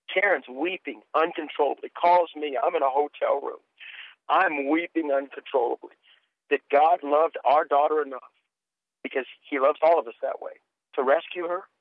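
With a slightly high voice on a dry, close recording that sounds thin and boxy like a phone call with no room around it, a male guest minister tells his story. He speaks with fervent conviction in earnest, preacher-like waves, pressing on urgently through testimony and prophetic ministry.

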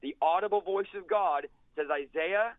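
A guest preacher with a somewhat high voice gives a fervent personal testimony of his conversion in an interview, telling it fast and intensely, stacking phrases and repeating key lines for emphasis. The audio is dry and narrow, like a tinny phone line, with no room sound at all.

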